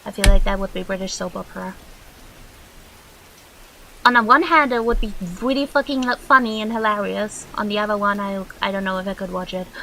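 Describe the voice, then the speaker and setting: A woman's voice: mid-range voice, animated, moderate pace, bright, forceful tone, a little hiss or hum, rough recording. A young woman streamer chatting casually with viewers while drawing, swearing freely and reacting to chat.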